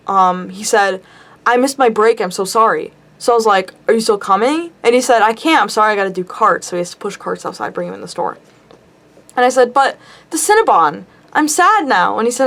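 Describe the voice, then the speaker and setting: Young woman, vlogger, rambling storytelling, fairly high voice, giggly, squeals now and then. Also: a bit bright. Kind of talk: casual storytelling to camera.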